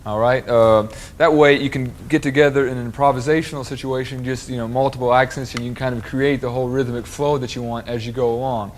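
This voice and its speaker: Relaxed male drum instructor explaining. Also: mid-range voice, fast, hardly any pauses, a little hiss or hum. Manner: relaxed, explanatory, with frequent fillers.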